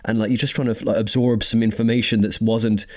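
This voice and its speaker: A man's voice: lowish voice, level tone, a little fast, a little mellow. A man hosting a podcast in casual chat, reflective and searching for his words as he talks. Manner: reflective, searching, with frequent fillers. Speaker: podcast host.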